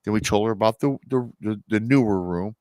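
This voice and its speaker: A man in his thirties, a podcast guest, telling a personal paranormal story in a casual, animated way and acting out the people he quotes. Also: fairly low pitch, fairly quick, dry recording. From Michigan.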